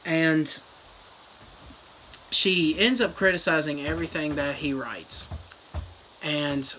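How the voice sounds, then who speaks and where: A reviewer retelling a novel as a crude, rambling comedy summary with deadpan jokes. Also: mid-range voice, takes it slowly, slight background noise, poor audio. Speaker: book reviewer.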